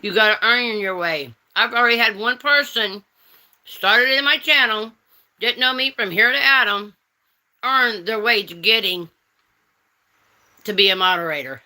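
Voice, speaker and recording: A woman's voice: on the high side, measured pace, pauses often, bright, forceful tone. A woman hosting a casual livestream, reading chat and teasing viewers with pet names like honey and darling.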